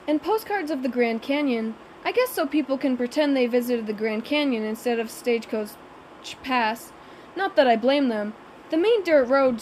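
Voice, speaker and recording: Wry, high-voiced woman audiobook narrator. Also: darkish tone, slight background noise, poor audio. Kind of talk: first-person audiobook narration.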